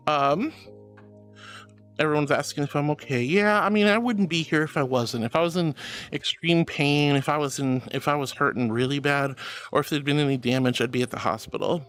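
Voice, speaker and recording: High-voiced, affectionate male streamer. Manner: affectionate, calls viewers sweetheart and honey; gushing and playful. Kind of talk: casual livestream chat, reading viewer messages.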